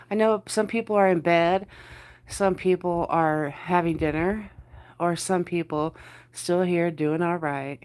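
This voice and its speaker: A woman with a New Jersey accent hosting a casual livestream from bed, chatting with viewers, greeting them by name and repeating her words. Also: fairly low pitch. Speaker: livestream host. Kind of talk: casual live chat with viewers. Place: in bed under the covers.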